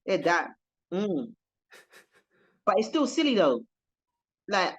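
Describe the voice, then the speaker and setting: Animated London woman comedian. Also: slow, long pauses, dull audio. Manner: animated storyteller, voices quoted people, lively pitch jumps. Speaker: comedian guest. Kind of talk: casual podcast interview.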